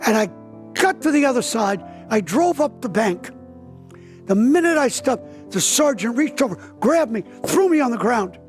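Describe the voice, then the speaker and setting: A man's voice: extremely high pitch, sing-song, normal speed, soft background music. A pastor in his seventies gives an interview and tells a dramatic story vividly, acting out the voices of the people in it. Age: 70s. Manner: vivid storyteller, acts out quoted dialogue with a raised voice. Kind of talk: interview testimony, telling a story.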